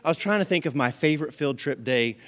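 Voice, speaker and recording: Man, middle-aged pastor, lively sermon delivery with playful acted-out voices, high-pitched. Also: fast talker. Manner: animated, acts out voices and jokes.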